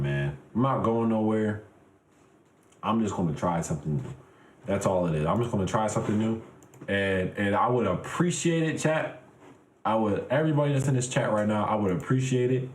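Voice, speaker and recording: A man in his twenties chatting casually and profanely with his livestream viewers, joking in an animated way that drops to low mutters. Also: echoey room, rough recording. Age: 20s. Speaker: live streamer.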